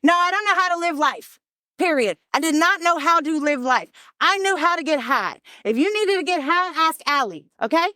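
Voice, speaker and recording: A woman with a high voice gives a frank testimony to a recovery group. She tells it with humor and plays out the other people in the story. The sound is close and dry. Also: lively intonation, normal speed, pushed and bright, no echo. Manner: candid, humorous storyteller who acts out voices. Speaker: speaker sharing her recovery story.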